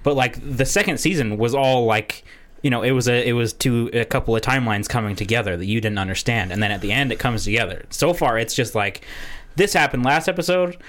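A man's voice: medium pitch, brisk, a bit bright. A man co-hosting a podcast in casual chat, emphatic, swearing often and insisting on his point. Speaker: podcast co-host.

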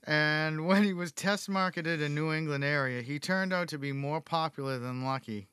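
A man hosting a chatty podcast, his voice a little high for a man, jokey and quick to laugh as he reads from his notes. The sound is dry and close, with no room around it. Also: a bit bright, clean tone, dry recording. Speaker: podcast host. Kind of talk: casual podcast chat reading facts.

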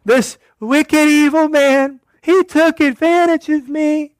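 A shrill, self-pitying wife wails and points the finger, her voice pushed far up into a high register, as a preacher puts her on. She is melodramatic and whiny, playing the victim. The sound is close and dry. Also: fairly even intonation, takes it slowly, dry recording. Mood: accusing.

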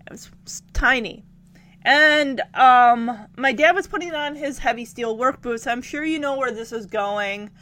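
A woman telling stories casually to camera, animated and emotional, breaking into laughs and sighs. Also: high voice, measured pace. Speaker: vlogger.

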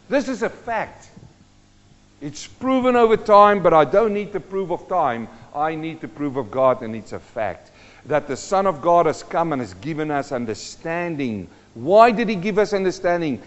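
A man preaching a sermon, asking his congregation questions as he teaches. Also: sits high. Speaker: pastor. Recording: dull sound with long hall reverb.

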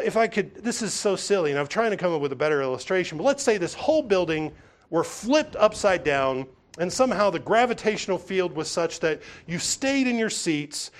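A pastor preaching a sermon, with emphatic, repeating phrases and frequent restarts. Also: male voice, on the high side. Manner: acts out voices of others when telling stories.

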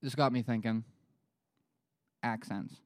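Podcast co-host, man from Pennsylvania, joking, smooth clear voice, dry close sound. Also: mid-range voice, steady tone, takes it slowly, dry recording. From Pennsylvania, USA. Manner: joking, reads news aloud. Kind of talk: casual podcast chat.

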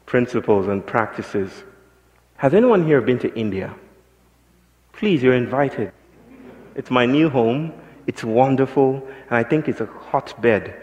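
A man giving a public talk, telling stories in a measured, philosophical way. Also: medium pitch, lively intonation, a little mellow, highs cut off. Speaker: speaker. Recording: long hall reverb.

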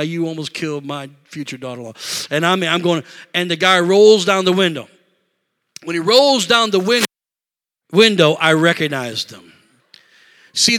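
A middle-aged man preaching a sermon in a church, telling a story in an animated, emotional way and talking straight to the congregation. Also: high-pitched. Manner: animated, emotional, talks to congregation with "y'all" and "amen". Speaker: pastor. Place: church sanctuary.

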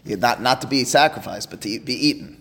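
A man's voice: mid-range voice, fast, creaky, pushed and bright, roomy sound, in a large hall, a little hiss or hum. A man teaching a Talmud class as a rabbi, speaking emphatically and weaving Hebrew and Aramaic terms into his explanation.

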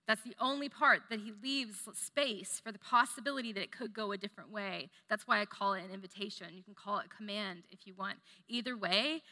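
A woman's voice: medium pitch, bright, forceful tone. A woman preaching a conversational sermon as a church staff member, earnest and reflective, thinking aloud with small restarts. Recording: long hall reverb.

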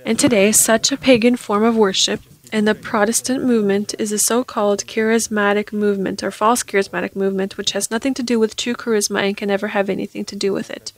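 Woman preaching in a flat, even tone. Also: mid-range voice, quick pace, few pauses, low-quality recording. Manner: earnest preaching with Scripture readings, rising loud at emphatic points. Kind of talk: sermon.

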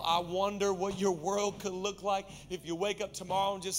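A man in his thirties preaching a sermon to his church, swinging from shouted, energetic praise to quiet, intimate teaching. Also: sits high, a little fast, faint music behind. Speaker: pastor. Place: large church auditorium.

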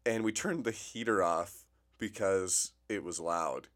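A man with a fairly low voice co-hosts a casual podcast, keeping things loose and joking and tossing in "bro" and "dude" as he talks. He is recorded in a small office. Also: measured pace, a bit bright. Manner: laid-back, joking, says "bro" and "dude". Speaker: podcast co-host. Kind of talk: casual chat.

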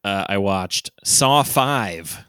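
Chatty guy on a podcast, laughs a lot, voice jumps up and down, lowish. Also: very slow, smooth, no echo, clean studio sound. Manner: laughs often, loose and animated, lots of fillers. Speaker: podcast co-host. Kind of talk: casual chat.

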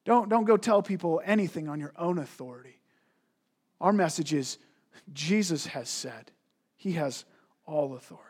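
A man delivers a sermon in a fairly high, husky voice. He preaches emphatically, firing rhetorical questions and often stumbling over repeated words as he pushes his point. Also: lively intonation, normal speed, long pauses, a little mellow. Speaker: pastor.

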